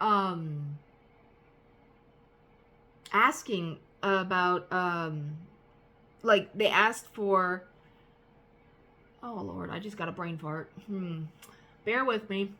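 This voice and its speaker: A tired woman, rambling casually to camera, trailing off softly at times and turning heated and profane at others. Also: medium pitch. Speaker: vlogger.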